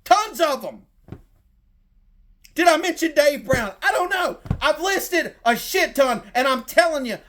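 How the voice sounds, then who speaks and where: A man's voice: very high-pitched, fairly bright tone. A middle-aged man with a Southern accent delivering a heated, profane sports rant as a fan content creator.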